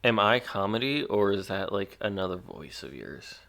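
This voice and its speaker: A laid-back man co-hosting a casual podcast, dry and easygoing. His voice has a gravelly, fried texture with a bright top. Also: lowish voice, big pitch swings, normal speed. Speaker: podcast co-host. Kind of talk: casual chat.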